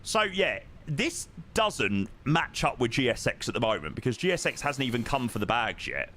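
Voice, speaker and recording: A man's voice: medium pitch, sing-song, moderate pace, pushed and bright, slight background noise. A man, chatting casually with his live-stream chat while flying a sim, swearing now and then.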